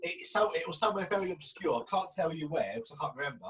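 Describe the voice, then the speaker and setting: A man's voice: on the high side, lively intonation, fast, a bit bright, far from the mic, rough recording. A podcast host asking questions in a casual, hesitant way and often repeating his words. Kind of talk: casual interview.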